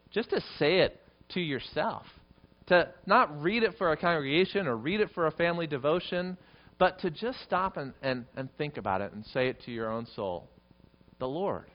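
A man preaching a sermon to his congregation, earnest, repeating key phrases and swelling louder and higher on them. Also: dull audio. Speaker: pastor.

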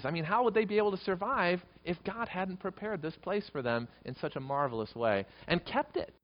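A man preaching a sermon to his congregation, earnest, repeating key phrases and swelling louder and higher on them. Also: lo-fi sound. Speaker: pastor.

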